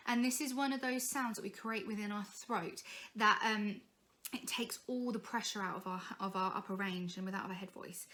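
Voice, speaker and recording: A woman's voice: mid-range voice, a little fast, fairly bright tone. A young woman coaching singing in a chatty, encouraging way, breaking into vocal demonstrations. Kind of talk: informal singing tutorial.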